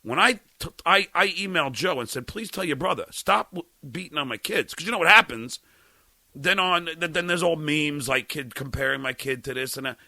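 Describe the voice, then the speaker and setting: A man's voice: a little high, animated, brisk, creaky, no echo. A middle-aged man hosting a podcast, ranting angrily with stammers and swearing. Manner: stammering, furious, profane, shouting at times. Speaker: podcast host. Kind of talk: angry on-air rant.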